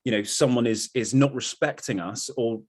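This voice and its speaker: A man of middle pitch hosts an open discussion over a video call. He speaks in a reflective, encouraging way, leaning on casual fillers as he thinks out loud. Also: moderate pace. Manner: encouraging, reflective, many "you know" fillers. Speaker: discussion host.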